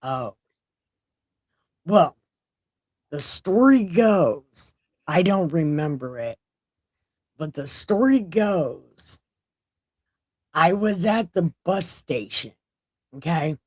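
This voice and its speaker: A woman's voice: fairly low pitch, animated, extremely slow, long pauses, darkish tone, dry recording. A woman in her forties chatting casually in an easygoing, dryly self-mocking way. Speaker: adult daughter. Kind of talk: casual chat.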